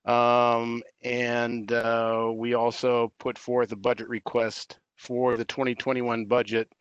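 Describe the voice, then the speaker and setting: A man with a smooth, clear voice reports to a board over an audio-only call. He talks in a measured way, pausing on fillers and restarting phrases. The sound is close and dry. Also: medium pitch, monotone, no room sound, dull audio. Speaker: staff member giving an update. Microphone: audio-only call, no camera.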